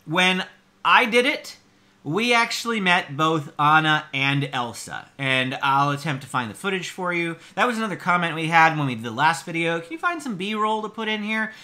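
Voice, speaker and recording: Male vlog host, bright forceful tone, chatty, exasperated commentary on reviews. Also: fairly high pitch, animated, moderate pace. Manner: exasperated, explaining at length; chatty with frequent fillers. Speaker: host of a theme park channel. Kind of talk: casual review reaction commentary.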